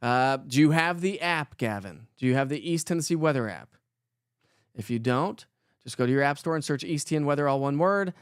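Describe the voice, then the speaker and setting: A jokey weather-stream host, a man from colorado, voice a bit high, close and dry, reading out viewer names. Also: lively intonation, fairly quick, smooth, dry recording. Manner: chatty, upbeat, jokey, greets viewers by name. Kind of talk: casual live-stream chat reading viewer comments.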